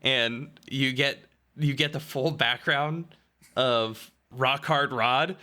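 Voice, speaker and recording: A man weighs in on a movie during a relaxed podcast chat. His voice sits at a middling pitch with a bright, forward edge, and he swears casually as he talks. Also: slow. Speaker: podcast co-host.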